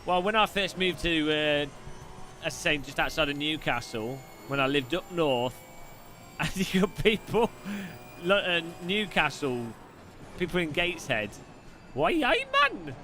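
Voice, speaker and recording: Chatty guy streaming sim racing, high bright voice, jokey asides, music low behind. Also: a little slow, a little hiss or hum. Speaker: live stream host. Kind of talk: casual live-stream chat and racing commentary.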